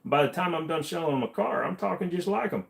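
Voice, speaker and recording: A man's voice: a little high, expressive, fast, gravelly. A man hosting a casual livestream, rambling and joking as he reads chat comments aloud and answers them.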